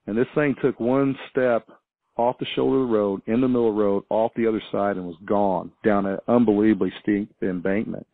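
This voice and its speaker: A man's voice: lowish voice, steady tone, fairly quick, no room sound. A man calling in to a radio show, telling a story in a rambling, hesitant way with many restarts. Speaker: caller. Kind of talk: casual storytelling on a call-in show. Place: small farm town. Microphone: phone. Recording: tinny phone line, dry.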